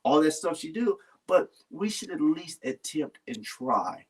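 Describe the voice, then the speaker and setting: A man's voice: a little high, big pitch swings, unhurried, slightly rough. A man talking earnestly in a casual heartfelt conversation, rambling and restarting his sentences. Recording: voice a little far from the mic.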